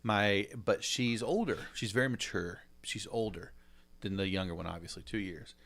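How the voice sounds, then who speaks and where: A man in his thirties hosting a podcast, telling stories with animated, casual, slangy talk and acting out the dialogue. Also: on the low side, moderate pace. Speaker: podcast host.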